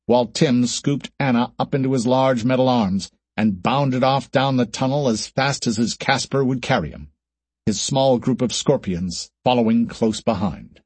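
Husky male audiobook narrator. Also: mid-range voice, normal speed, darkish tone, no room sound. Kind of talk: scripted narration.

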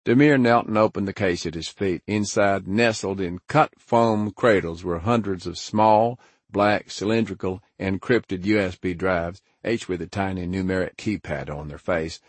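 A man with a very low, husky voice reads a first-person story in a grim, measured, hard-boiled way. The sound is dry and close, with no room around it. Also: dry recording. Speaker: audiobook narrator. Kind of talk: first-person scripted narration.

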